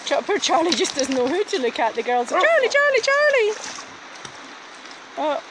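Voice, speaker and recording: A woman filming her dogs by a river in the woods and chattering to them in an excited, cooing running commentary on a handheld camera. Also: high voice, brisk. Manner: excited, coos and calls to the dogs. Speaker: dog daycare owner walking dogs. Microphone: handheld camera she is filming with. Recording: noisy outdoor river recording.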